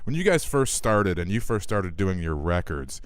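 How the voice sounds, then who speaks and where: A man's voice: low-pitched, very animated, moderate pace, smooth, no room sound. A male radio co-host eagerly asking a guest questions in an interview.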